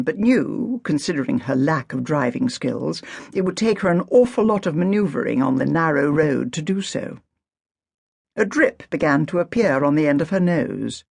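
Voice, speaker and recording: A woman narrating an audiobook in a measured, dry storytelling manner on a close studio mic. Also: sits low, vocal fry, darkish tone, slightly rough, dry recording. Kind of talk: scripted narration.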